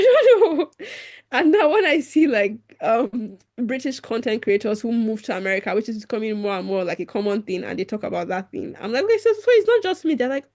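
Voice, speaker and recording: A woman's voice: a little high, darkish tone. A young woman from Nigeria, a podcast guest chatting casually and laughing often as she acts out little quotes. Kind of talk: casual conversation.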